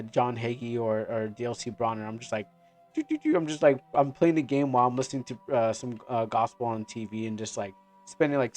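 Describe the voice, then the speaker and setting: Rambling man commenting on gameplay. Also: mid-range voice. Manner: rambling, many fillers and restarts, laughs often. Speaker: gaming streamer.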